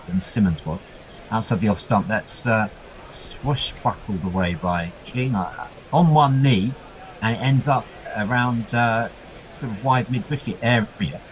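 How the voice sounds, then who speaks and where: A man with a fairly low voice calls a cricket match ball by ball in a chatty, easygoing way, and his voice jumps up whenever there's a boundary. A faint hum of noise sits under the recording. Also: poor audio. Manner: chatty, excitable over boundaries. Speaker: cricket commentator. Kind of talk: ball-by-ball radio commentary.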